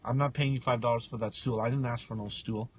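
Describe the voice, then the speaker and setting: A man co-hosting a casual podcast chat, teasing his friend loudly and acting out voices. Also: medium pitch, fast talker, slightly rough. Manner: teasing, loud and animated, acts out quoted voices. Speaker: podcast co-host.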